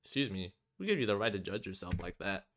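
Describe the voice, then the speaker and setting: A man's voice: lowish voice, big pitch swings, fast talker, a bit bright, slight background noise. A man voicing a defiant young male student who speaks curtly and sarcastically. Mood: earnest. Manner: curt, sarcastic, muted.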